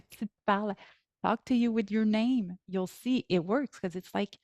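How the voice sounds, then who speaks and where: Gravelly-voiced woman. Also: medium pitch, moderate pace, dry recording. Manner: soft, gentle, slips into hushed whispers. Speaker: meditation guide. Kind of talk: casual guided-meditation talk.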